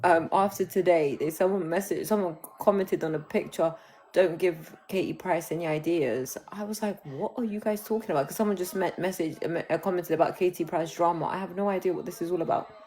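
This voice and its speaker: A woman's voice: on the low side, fairly even intonation, brisk, dark tone. A woman hosting a casual phone livestream, chatting loosely and thanking viewers as they come in. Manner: chatty, reads and thanks commenters. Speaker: livestream host.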